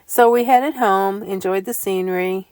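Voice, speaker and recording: An older woman telling homey stories in a chatty, casual voiceover, growing animated as she recounts things. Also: medium pitch, moderate pace, clean tone, dry recording. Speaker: vlogger. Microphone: close mic voiceover.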